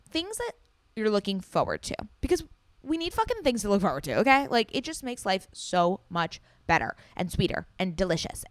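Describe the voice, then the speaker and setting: Loud, gushing woman podcast host. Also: lowish voice, no echo. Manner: excited, gushing, swears casually. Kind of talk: solo podcast chat.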